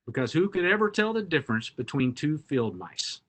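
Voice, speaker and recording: A man giving a keynote talk as the featured speaker, opening with an animated fable, probably over a video call. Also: a little high, normal speed. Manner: animated storyteller. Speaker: executive director and featured speaker.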